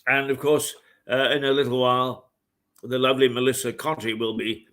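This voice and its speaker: A man hosting a morning talk show from a hotel, rambling and halting with many fillers. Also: medium pitch, a bit bright. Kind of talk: casual chat. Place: hotel room.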